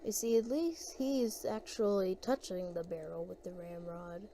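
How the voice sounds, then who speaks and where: Slow, mellow woman narrating gameplay. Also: on the low side, slight background noise. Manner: rambling, hesitant, thinking aloud. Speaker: gameplay commentator. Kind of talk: casual gameplay commentary.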